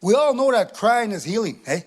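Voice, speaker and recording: Animated comedian guy, high husky voice, keeps tossing in "eh?". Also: fairly quick. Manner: animated, tag questions with "eh", acts out laughs. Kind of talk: stand-up storytelling. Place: live performance venue.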